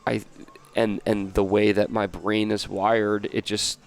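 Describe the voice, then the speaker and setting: Male guest, from the US, lowish voice, loose and meandering delivery. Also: little pitch movement, measured pace, creaky. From United States. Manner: rambling, many fillers and restarts. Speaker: podcast guest, entrepreneur. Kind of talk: casual interview chat.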